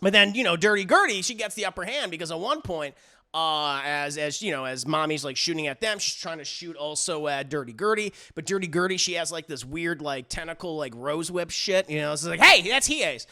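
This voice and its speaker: A man streaming live, recapping a cartoon episode in an animated, profane way and acting out the scenes. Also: fairly high pitch, brisk. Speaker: streamer and TV reviewer.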